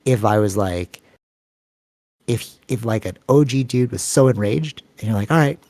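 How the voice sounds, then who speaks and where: Podcast co-host, Canadian man, rambling storyteller, warm mellow tone, dry close mic. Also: moderate pace, no room sound. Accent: Canadian English. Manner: long-winded, rambling storytelling with many fillers; acts out quoted voices with sudden pitch jumps. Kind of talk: casual podcast chat.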